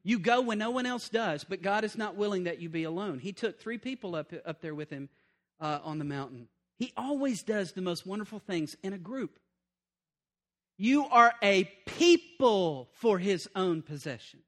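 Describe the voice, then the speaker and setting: A middle-aged man preaching a sermon, animated and conversational, repeating points and breaking into asides. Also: high voice, normal speed.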